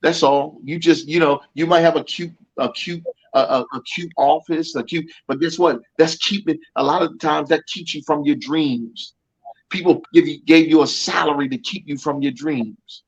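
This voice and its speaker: Speaking in an interview, this middle-aged man, a coach, delivers emphatic motivational talk that repeats and restarts often, with a cadence like a preacher's. His voice leans high and slightly rough, at normal speed, over dull audio.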